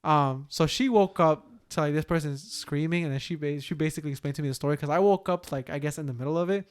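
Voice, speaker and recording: A young man on a casual podcast, telling a story with a lively rise and fall in his voice. His tone is smooth and clear, set a little higher than most men's. He swears freely and scatters "like" and "bro" through his talk. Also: fast talker. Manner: animated, swearing, heavy use of "like" and "bro". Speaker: podcast co-host.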